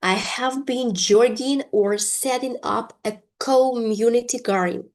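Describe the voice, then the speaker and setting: Slow, deliberate woman teacher. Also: a little high. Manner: slow, deliberate reading of example sentences. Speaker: English teacher. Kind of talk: online English lesson.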